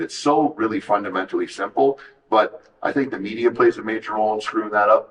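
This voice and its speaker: Low-voiced earnest man, somewhat distant. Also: a little fast, a bit bright. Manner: earnest, emphatic, reflective, quotes others in dialogue. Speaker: guest. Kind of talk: candid interview storytelling.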